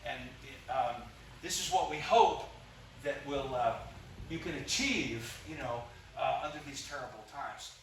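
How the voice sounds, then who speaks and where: A man's voice: mid-range voice, measured pace, creaky, hardly any pauses, slight background noise. A man teaching self-defense in a casual, rambling way, full of fillers and asides. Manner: rambling and folksy, many fillers. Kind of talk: casual instructional talk during a demonstration. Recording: very echoey room audio, distant from mic.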